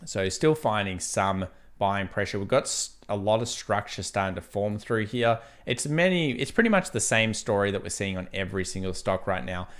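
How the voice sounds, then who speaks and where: A relaxed young Australian man hosts a live market stream, talking in a casual, chatty way and laughing easily. His voice sits a little on the low side, and his Australian accent is plain to hear. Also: moderate pace, hardly any pauses. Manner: chatty, laid-back, laughs easily while reading chat. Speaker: trading livestream host.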